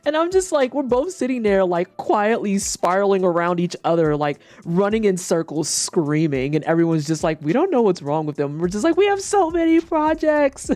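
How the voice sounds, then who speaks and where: A young woman streamer from the Saint Louis area, chatting casually and swearing freely, acting out quotes in high voices. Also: very animated, moderate pace, hardly any pauses, darkish tone. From Saint Louis area, United States. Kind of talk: casual chat on a livestream.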